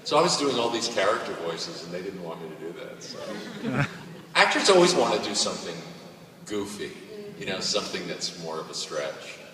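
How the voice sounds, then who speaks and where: A man voice actor on a convention panel talking in a relaxed, conversational way, recorded from far off on a phone in a big hall. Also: low-pitched, moderate pace. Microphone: far phone recording from audience. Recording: echoey hall, distant phone mic.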